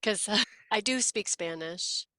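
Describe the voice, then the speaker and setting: Woman, bright voice, dry close sound, chatty, playful, podcast co-host. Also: mid-range voice, a little slow, no room sound. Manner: lively, chatty, playful, does quoted voices. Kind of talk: casual conversational interview.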